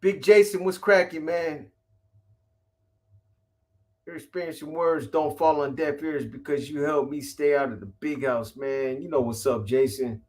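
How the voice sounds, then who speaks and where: A man's voice: on the high side, steady tone, a little slow, darkish tone. A middle-aged man hosting a casual live stream, rambling and profane, greeting viewers by name in street slang. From California.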